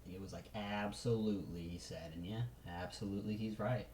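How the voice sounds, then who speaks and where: Male vlogger, mellow and loose, talking to camera through a phone mic. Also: deep voice, steady tone, fast, roomy sound, a little hiss or hum, poor audio. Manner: rambling, loose, full of fillers. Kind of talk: casual rambling vlog.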